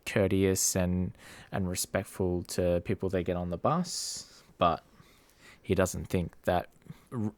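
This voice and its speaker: Man, deep voice, halting filler-heavy film chat, close dry mic. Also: no echo. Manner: hesitant, full of "like" and "you know". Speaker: podcast co-host. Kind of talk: casual film review chat.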